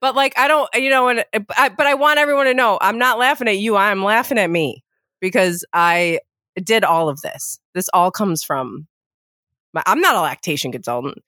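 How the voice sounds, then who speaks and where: A woman's voice: medium pitch, normal speed, pushed and bright, dry recording. A middle-aged woman co-hosting a casual talk show, chatty and self-mocking, often close to laughing. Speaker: podcast co-host. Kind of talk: casual chat.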